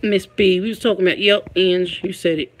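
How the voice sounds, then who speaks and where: A woman's voice: fairly low pitch, fairly even intonation, fairly quick. A woman hosting a casual live stream, chatting with her viewers and reading their comments aloud, laughing often. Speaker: livestream host.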